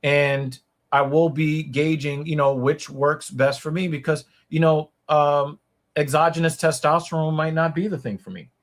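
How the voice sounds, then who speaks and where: A man's voice: a little high, fairly even intonation, normal speed. A man hosting a podcast livestream, talking in a loose, rambling and profane way with frequent restarts. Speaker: podcast host. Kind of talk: casual livestream chat.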